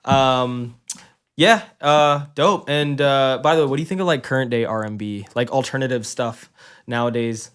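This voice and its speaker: A relaxed male podcast host with a smooth, clean-sounding voice at a middle pitch. He talks loosely and casually, trailing off with filler words as he steers the conversation. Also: normal speed. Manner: laid-back, easygoing, lots of filler words. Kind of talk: casual interview chat.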